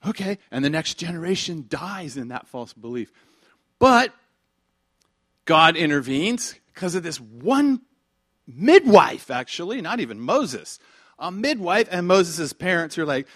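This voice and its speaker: A man preaching a sermon as pastor, animated, acting out quick character voices and swinging from soft asides to loud emphasis. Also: a little high, dry recording, clean studio sound. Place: church.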